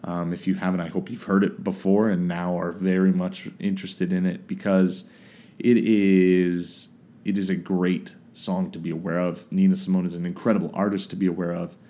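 A man's voice: low voice, level tone, normal speed, dark tone. A man casually talking through a song he loves, hesitant and searching for words with lots of fillers. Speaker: music reviewer. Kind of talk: casual spoken song review.

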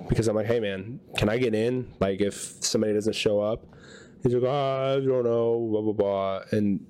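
Low-voiced man telling a story. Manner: animated storyteller acting out quotes. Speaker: podcast co-host. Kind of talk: casual storytelling chat.

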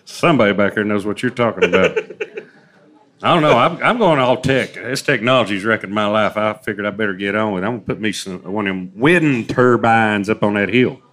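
A man's voice: lowish voice, brisk, a bit bright. A man doing folksy, teasing stand-up banter for a live crowd. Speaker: comedy duo performer.

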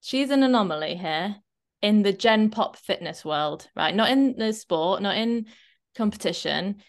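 A woman fitness coach co-hosting a podcast, chatting casually and often checking in with a quick "right?". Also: medium pitch. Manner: chatty, animated, often tags a questioning "right?".

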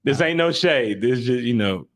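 A man co-hosting a podcast in casual chat, playful and quick to laugh. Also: medium pitch. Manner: playful, laughs often, slow and lively. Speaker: podcast co-host.

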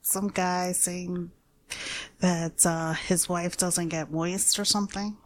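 A woman co-hosting a casual chat, blunt and teasing with quick reactions. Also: lowish voice, level tone, slight background noise. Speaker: podcast co-host.

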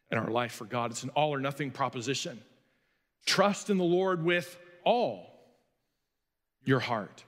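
A man preaching a sermon as pastor, swinging between loud emphasis and quiet asides. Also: sits high, in a large hall.

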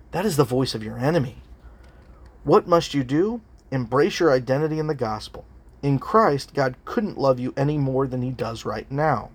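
A man's voice: medium pitch, normal speed, husky. A man preaching a sermon as a pastor, earnest and emphatic, weaving in personal stories.

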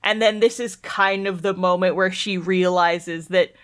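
A woman's voice: lowish voice, measured pace, clean tone. A woman co-hosting a podcast, chattily recapping an anime and often using fillers like "like" and "um". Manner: chatty, animated storyteller, filler-heavy. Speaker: podcast co-host. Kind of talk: casual anime recap chat.

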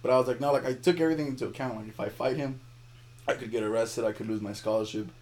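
A young man, a podcast guest, telling a story in casual chat, animated and laughing as he acts out the people in it. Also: mid-range voice, racing.

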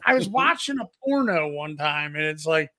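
A man co-hosting a podcast, telling a rambling, profane story in a casual, animated way. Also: on the high side, normal speed, no room sound, clean studio sound. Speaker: podcast co-host.

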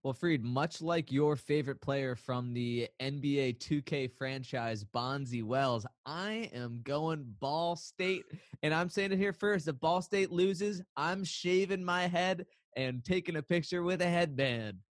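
A man's voice: fairly high pitch, measured pace, dry recording. Casual male podcast co-host, playful and laughing, dry close sound. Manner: playful, laughs often, rambling asides. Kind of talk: casual chat.

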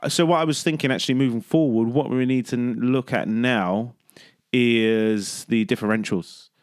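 A man's voice: medium pitch, normal speed, smooth, dry recording. A man with an ordinary mid-range voice, chatting casually about football on a podcast. He jokes, rambles and laughs at his own puns. The sound is dry and close, with no room around it. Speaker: podcast co-host.

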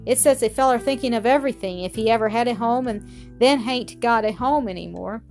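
Lady putting on a chirpy young newsboy, eager, a bit higher than her usual, soft music under it. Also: brisk, lightly acted.

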